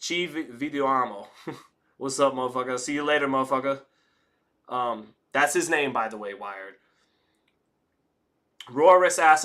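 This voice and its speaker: A man with a mid-range, sharp-toned voice hosts a live fight-commentary stream, reading chat messages aloud. His laid-back delivery slides between formal talk and slang.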